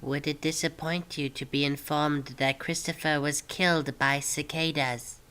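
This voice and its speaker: A narrator giving deadpan, solemn mock-documentary narration in a matter-of-fact tone. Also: mid-range voice, measured pace, slight background noise. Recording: narration over guitar music. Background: guitar music.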